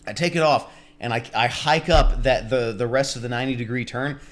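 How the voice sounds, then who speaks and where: An enthusiastic young man co-hosting a casual podcast, narrating a story with plenty of laughter. His voice sits at an average pitch for a man, and his tone stays conversational. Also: brisk, a bit bright. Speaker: podcast co-host.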